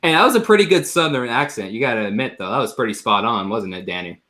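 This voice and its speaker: A man's voice: medium pitch, animated, fast talker, bright, forceful tone. A man hosting a casual podcast, joking around, laughing often and filling gaps with "um". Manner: laughs a lot, loose and joking, many fillers. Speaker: podcast host. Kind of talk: casual chat about sim racing.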